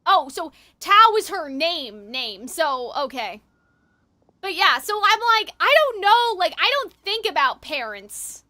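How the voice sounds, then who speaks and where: High, bright, gushing young woman streamer. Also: big pitch swings, unhurried. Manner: gushing, emotional, full of fillers. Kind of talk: casual live reaction commentary. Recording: game audio playing behind.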